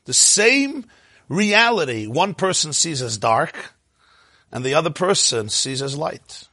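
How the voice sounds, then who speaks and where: A man teaching a sermon, telling stories in an animated way that climbs to emotional peaks. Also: a little high, slow pace, dry recording, studio quality. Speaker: rabbi.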